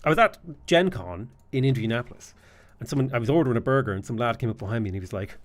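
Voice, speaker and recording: Lively Irish man streaming a strategy game. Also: medium pitch, racing. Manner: joking banter with chat. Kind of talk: live gameplay commentary.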